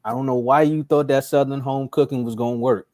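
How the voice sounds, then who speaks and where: A man's voice: medium pitch, a little fast, no echo. A man co-hosting a sports podcast, chatting casually and acting out quotes from players and friends. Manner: animated, acts out quotes in other voices. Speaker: podcast co-host.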